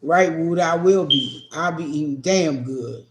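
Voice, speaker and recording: Slow-drawling New man, echoey room. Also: on the high side, a little hiss or hum. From New Orleans. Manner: profane, teasing, laid-back drawl. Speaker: streamer answering chat. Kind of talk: casual livestream chat.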